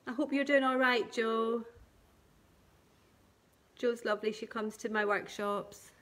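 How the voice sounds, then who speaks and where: A woman teaching colouring and shading on a live stream, talking gently step by step and thanking viewers by name. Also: a little high, fairly even intonation, unhurried. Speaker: craft tutor.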